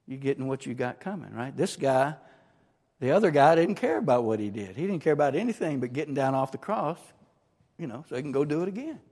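A man preaching in a big hall, his voice trailing off into long reverb. He talks with emphatic conviction and keeps tossing out "right?" and "amen?" to the congregation. His pitch sits in a middling range. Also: lively intonation, a little fast, darkish tone. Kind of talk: sermon with personal testimony.

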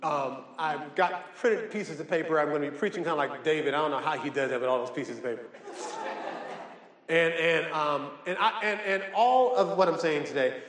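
A male pastor preaching a sermon, reading scripture slowly and with rising emphasis and telling the congregation which words to underline. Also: on the high side, a bit bright. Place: church sanctuary. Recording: echoey church hall.

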